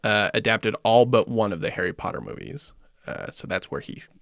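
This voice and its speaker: A man hosting a casual podcast, explaining film history in a steady run with small restarts. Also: on the low side, normal speed, gravelly, no echo.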